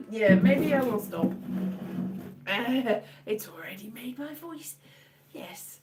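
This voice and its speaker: A woman, hoarse from a cold and sore throat, chatting in a rambling, self-deprecating way on a casual live stream from home. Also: on the high side, lively intonation, takes it slowly, a loud crowd. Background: her own faint guitar strumming.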